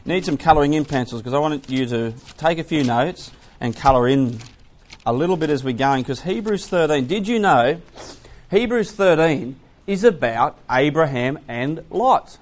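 A man with a fairly high voice leads a Bible class and tells lively stories from his childhood to make a point. He talks animatedly and keeps breaking into loud, excited exclamations. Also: normal speed. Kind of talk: storytelling sermon to young people.

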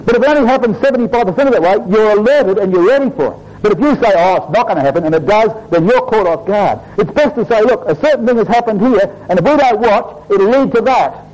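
High, lively-voiced preacher explaining scripture. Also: male voice, fast talker, low-quality recording. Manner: addresses "brothers and sisters", explains Hebrew word meanings. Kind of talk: bible exposition sermon.

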